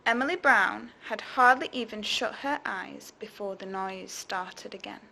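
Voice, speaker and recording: A woman's voice: mid-range voice, steady tone, unhurried, gravelly, few pauses, sharp tone. A woman teacher, reading a storybook to children expressively and stopping to ask them questions.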